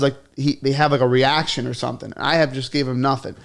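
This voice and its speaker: A man, a comedian, telling stories in a casual chat, animated and quick to laugh, swearing freely. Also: medium pitch, vocal fry. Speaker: comedian guest.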